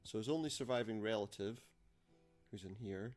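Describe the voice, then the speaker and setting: A man's voice: lowish voice, moderate pace, darkish tone, faint music behind. A man casually commenting while playing an adventure game, dry and wry. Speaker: let's play gamer.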